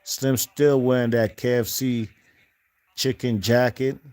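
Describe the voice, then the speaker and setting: A man's voice: mid-range voice, level tone, slow pace, a little mellow, smooth. A man hosting a boxing channel, giving casual post-fight commentary in a rambling, slangy way with lots of fillers and restarts. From not from the UK.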